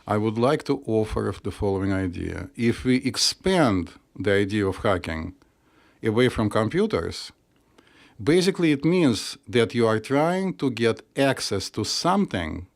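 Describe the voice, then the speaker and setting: A man's voice: on the low side, very animated, normal speed. A middle-aged man with a Russian accent, co-hosting a casual chat and joking wryly as a psychiatrist. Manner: wry, joking, slightly non-native phrasing. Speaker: podcast co-host, psychiatrist.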